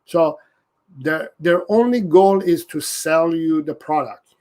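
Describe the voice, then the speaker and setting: A man's voice: fairly high pitch, slow, a little mellow. A man hosting a live dog-training Q&A, talking earnestly and often restarting his sentences. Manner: earnest, repeats and restarts, reads out viewer comments. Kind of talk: casual live-stream Q&A.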